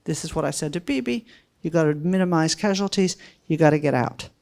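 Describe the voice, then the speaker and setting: Animated woman giving a talk. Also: low-pitched, a little fast. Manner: animated, conversational, frequent "right?" asides. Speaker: guest speaker. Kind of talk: public policy talk. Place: lecture room before an audience.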